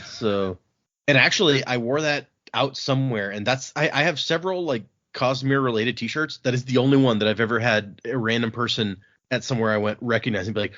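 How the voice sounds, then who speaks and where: A man hosting a podcast, recapping chapters in a casual, animated way with frequent laughs and restarts. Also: medium pitch, a little fast. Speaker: podcast host recapping a book. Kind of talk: casual book-club chat. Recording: dull lo-fi podcast audio.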